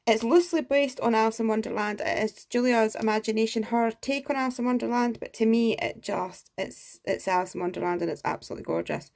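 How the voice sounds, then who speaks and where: A woman showing off craft supplies in a chatty, gushing way, her voice sitting a little high with a gravelly fry running through it. She keeps exclaiming over each piece as she goes. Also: brisk, few pauses, a little mellow. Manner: gushing and enthusiastic, frequent exclamations. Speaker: craft vlogger. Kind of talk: casual show-and-tell review.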